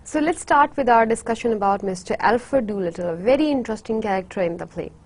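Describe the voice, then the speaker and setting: A woman's voice: on the high side, animated, fast talker. A woman giving a university literature lecture, hesitant with many fillers, repeating words to demonstrate their sounds.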